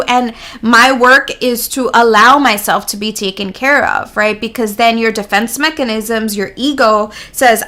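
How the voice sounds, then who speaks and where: A woman's voice: fairly high pitch, steady tone, measured pace, few pauses, pushed and bright. A woman guest in an interview, candidly telling a personal story in an earnest, reflective way and laughing lightly mid-sentence.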